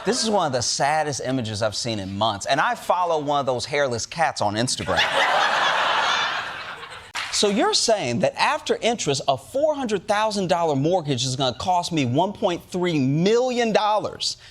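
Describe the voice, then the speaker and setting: Male comedy host, high voice full of swings, sarcastic punchlines, noisy recording. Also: big pitch swings, moderate pace. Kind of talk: comedic monologue.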